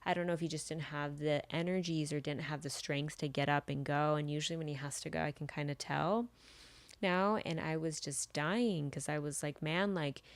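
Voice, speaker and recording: Woman, young adult, podcast host, low voice, chatty and rambling, dry close sound. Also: fairly even intonation, moderate pace, no echo. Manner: chatty, rambling, many "like" fillers. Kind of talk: casual storytelling.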